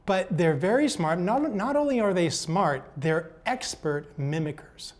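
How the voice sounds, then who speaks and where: An older man giving a motivational talk, telling gentle, folksy stories and often repeating words as he goes. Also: sits high, expressive, measured pace. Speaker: speaker.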